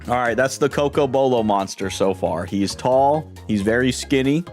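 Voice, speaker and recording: A man's voice: medium pitch, normal speed, darkish tone, soft background music. A young man streaming a game, rambling and amused in casual commentary.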